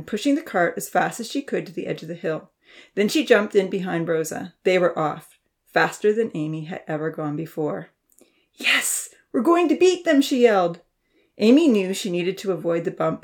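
A woman narrating a children's storybook in an expressive, lively reading voice. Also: on the low side, brisk.

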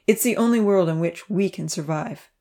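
A woman voicing a calm, kindly grown man who talks slowly and heavily in a storybook reading. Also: lowish voice, lightly acted. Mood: grave. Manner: slow, heavy, measured speech.

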